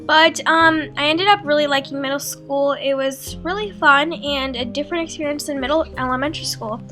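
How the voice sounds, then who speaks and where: Teen girl vlogger, high bright voice, chatty storytelling voice-over, faint music bed. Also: fairly even intonation, normal speed. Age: teens. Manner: chatty, full of likes and ums, acts out her own quotes. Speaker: beauty vlogger. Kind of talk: draw-my-life voice-over narration.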